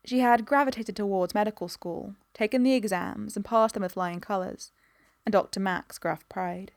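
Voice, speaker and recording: A woman narrating a story in an even, measured reading voice. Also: mid-range voice, no echo.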